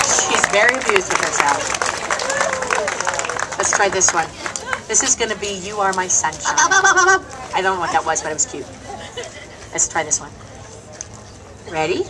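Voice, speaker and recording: Over a loud crowd, a bird trainer hosting a live animal stage show speaks in a lowish, expressive voice at normal speed, leaving long pauses. The recording of the show is noisy, and she makes self-mocking jokes to the audience.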